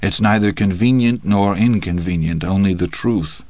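A man voicing a calm, reserved male defendant who answers in a quiet, measured way. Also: low-pitched, no room sound, close to an everyday voice.

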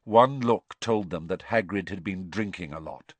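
A man narrating an audiobook with expressive storytelling, voicing every character himself. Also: low-pitched, moderate pace, no room sound.

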